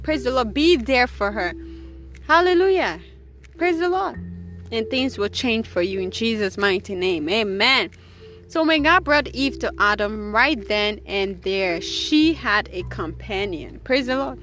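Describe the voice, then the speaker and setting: A woman preaching an emphatic sermon in a high, ringing voice. She punctuates her points with repeated praise phrases. Soft music plays faintly underneath.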